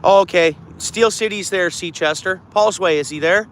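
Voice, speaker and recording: A man with a slightly high voice talks easily to his live-stream viewers, greeting them and thinking aloud. He is outdoors, and the recording carries plenty of ambient noise from the water and nearby traffic. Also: normal speed, a bit bright. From Canada. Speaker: fishing streamer. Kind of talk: live-stream chat while fishing. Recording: clear outdoor background noise.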